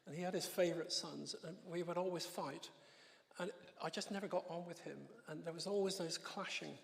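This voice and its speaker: A man in his sixties giving his testimony in church, telling an emotional story with halting restarts and soft laughs. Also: fairly high pitch, steady tone, creaky, long reverb tail. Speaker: guest speaker giving testimony. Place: church hall.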